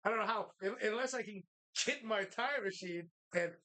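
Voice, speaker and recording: A man's voice: sits high, moderate pace, bright, forceful tone. Crude, emphatic man hosting from a bar. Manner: crude, emphatic, swears a lot. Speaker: host. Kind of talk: casual bar podcast banter.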